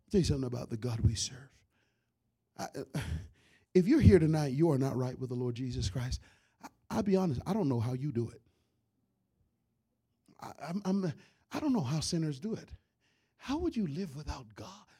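A man preaching a sermon, retelling a story with lively shouts, character voices and soft asides. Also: fairly high pitch, husky. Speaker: pastor.

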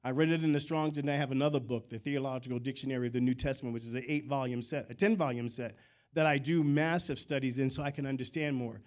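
A man's voice: mid-range voice, fast talker. A man preaching a sermon, calling out for amens and telling chatty stories between his points. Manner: animated preaching with call-and-response; conversational storytelling asides. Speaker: pastor.

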